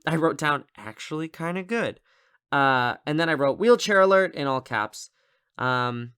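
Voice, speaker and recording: Bright, clear-voiced man rambling casually. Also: medium pitch. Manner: rambling, heavy use of "like" and "um" fillers. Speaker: podcast co-host reviewing a film. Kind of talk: casual recap chat.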